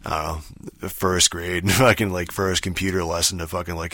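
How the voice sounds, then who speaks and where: A man's voice: deep voice, fairly even intonation, moderate pace, bright, forceful tone, dry recording. A man ranting casually about gaming, profane and rambling, full of fillers and restarts. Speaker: gaming commentator. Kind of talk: casual rant.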